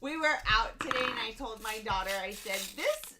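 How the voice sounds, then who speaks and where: A woman's voice: fairly high pitch, brisk, background noise. A woman co-hosting a casual live stream, reading out super chats and laughing often. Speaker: co-host reading donations.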